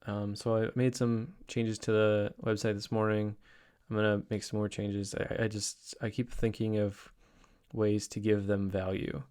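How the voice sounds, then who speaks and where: A man's voice: fairly low pitch, measured pace, clear, resonant tone. Rambling, upbeat man vlogging. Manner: rambling, many restarts and fillers; upbeat, excited. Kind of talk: casual daily vlog.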